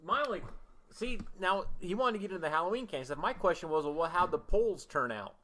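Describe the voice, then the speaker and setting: A man's voice: high voice, lively intonation, a little fast, bright, forceful tone. A man co-hosting a casual podcast, rambling through his thoughts with a self-deprecating, joking manner. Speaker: podcast co-host.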